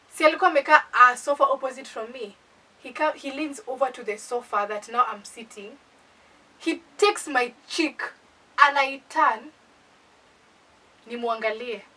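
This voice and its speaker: Young Kenyan woman, animated storyteller, high breathy voice, distant mic. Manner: animated, indignant, code-switching. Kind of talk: casual storytime.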